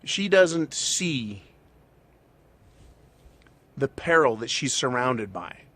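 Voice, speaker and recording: A man's voice: medium pitch, sing-song, extremely slow, a bit bright. A man casually retelling a film plot in a rambling, opinionated way, often tagging his sentences with "right?". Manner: rambling, tags lines with "right?". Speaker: channel host.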